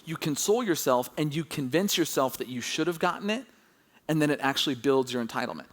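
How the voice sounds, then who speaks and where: Pastor guy telling a story in a sermon, kinda high voice, gets loud and excited. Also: fast.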